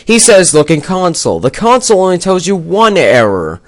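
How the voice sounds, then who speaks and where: A man's voice: sits high, very animated, normal speed, no echo. A young man ranting angrily about a game, swearing a lot and rambling as he argues his point. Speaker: gaming video maker. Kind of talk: angry rant to camera.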